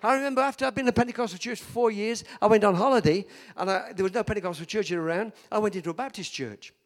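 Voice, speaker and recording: A man's voice: sits high, fast talker. A man preaching a sermon in a church, emphatic and calling for amens from the congregation. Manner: emphatic, call-and-response preaching.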